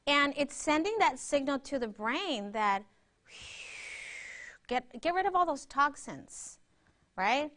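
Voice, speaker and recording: High-voiced woman leading a breathing exercise. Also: lively intonation, takes it slowly, a bit bright. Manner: interactive, keeps checking in with "right?". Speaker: workshop presenter. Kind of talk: guided breathing and conversational teaching.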